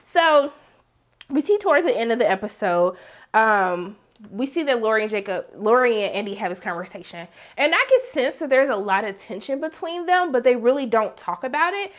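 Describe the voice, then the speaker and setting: A woman with a high voice hosts a casual TV recap. She talks in an animated, emphatic, slangy way and addresses her viewers directly, and she acts out the characters dramatically as she goes. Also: moderate pace. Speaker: TV recap host.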